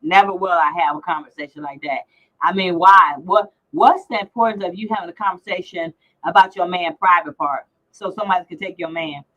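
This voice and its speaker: The audio is dull, but this middle-aged livestream host comes through brisk and sharp in a lowish voice. She teases and swears freely while reading out comments during a casual chat.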